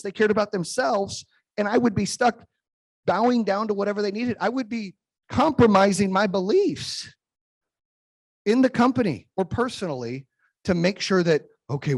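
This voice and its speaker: A man's voice: sits high, gravelly, darkish tone, dry recording. A man in his forties giving a motivational keynote speech, telling stories with emphasis and frequent "right?" tag questions. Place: event stage before a live audience.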